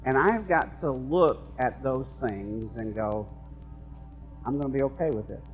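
A middle-aged man preaching a sermon as pastor, moving between quiet conversational asides and loud, emphatic repeated lines. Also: mid-range voice, a little slow, soft background music, rough recording. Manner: conversational preaching that swings from hushed asides to raised emphatic repetition.

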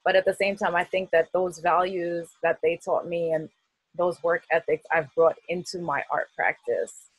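Speaking at a moderate pace, this festival artist guest has a fairly low, steady voice with a breathy edge and a Queens accent. The middle-aged woman from the US laughs a lot and fills her speech with fillers during a casual video-call interview, recorded in low quality with no room sound.

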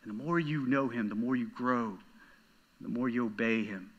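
A man preaching a sermon as pastor, telling a personal story in an animated, conversational way. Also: mid-range voice, moderate pace, muffled recording. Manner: animated storytelling, talking straight to the congregation.

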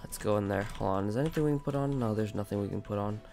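A man's voice: lowish voice, very fast, gravelly, over music. A man casually commentating his own gameplay, rambling and chatty, with a groggy just-woken morning voice. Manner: rambling, chatty, frequent fillers. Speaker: gaming channel host.

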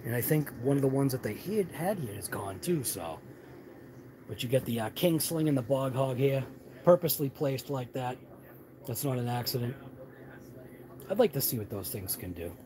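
Here the same kind of live walkthrough vlog plays out: a man hosting his channel rambles through a big hobby shop with the camera, tossing off muttered asides in a casual chat. He has a non-rhotic Boston-area Massachusetts accent with dropped R's. His medium-pitched voice is expressive at a moderate pace, he pauses often, and the background is noisy.

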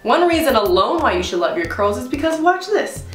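A woman in her twenties, a vlogger, talking casually to camera in a bubbly, expressive way. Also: a little fast, faint music behind. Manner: bubbly and expressive, swinging pitch.

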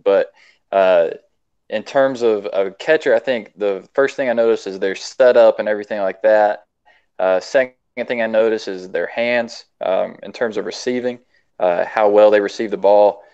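A man who works as a baseball coach, answering in a casual interview, measured and listing his points with fillers. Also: fairly low pitch, steady tone, darkish tone, smooth. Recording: dull lo-fi audio.

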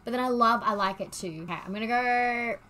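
A young woman, chatting casually as she reads quiz questions aloud, gushing and excitable, sometimes humming bits of songs. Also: fairly high pitch, a little fast. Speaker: vlogger doing online quizzes.

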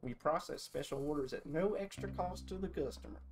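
A man's voice: fairly high pitch, brisk, close to an everyday voice. A man voicing a chipper female general-store clerk with a put-on country twang and stiff customer-service phrasing, reading game dialogue aloud. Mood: polite, scripted.

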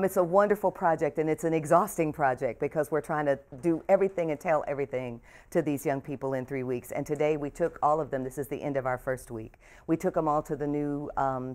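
An older woman, an author addressing a bookstore audience and reading from her memoir, soft-spoken and emotional, her voice trailing off at the ends of phrases. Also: extremely low pitch. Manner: warm, emotional, speaks softly and trails off. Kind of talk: author talk and book reading. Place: bookstore event room.

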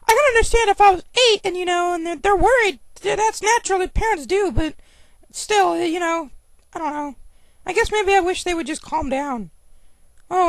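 Sonic, as a woman plays him, very high. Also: a bit bright, dry recording, low-quality recording. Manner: rambling, full of "you know" and restarts. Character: young male hedgehog, whiny, easily annoyed.

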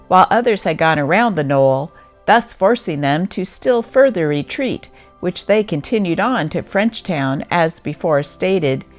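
A woman narrates an old first-person newspaper account in a lower voice that rises and falls with lively swings. She reads it through at a steady pace as scripted narration. Faint music plays underneath. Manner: steady read-aloud of a first-person war memoir.

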